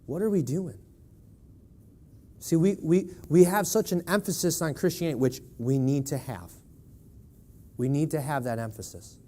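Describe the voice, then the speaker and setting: Man preaching in church, pitched high, emphatic and questioning the congregation. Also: moderate pace, long pauses, dark tone. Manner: emphatic, with rhetorical "right?" questions. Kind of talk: sermon.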